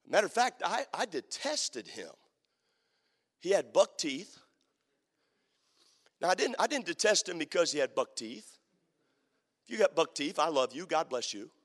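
Male preacher, high animated voice, dramatic sermon storytelling, long hall reverb. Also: a little slow, long pauses. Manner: dramatic, swings from loud to hushed.

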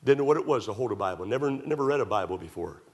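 A man preaching a sermon, emphatic and repetitive, rising to loud pleas and dropping to quiet asides. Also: mid-range voice, animated, rapid-fire. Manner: emphatic, repetitive, swings between loud pleading and hushed asides. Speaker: pastor.

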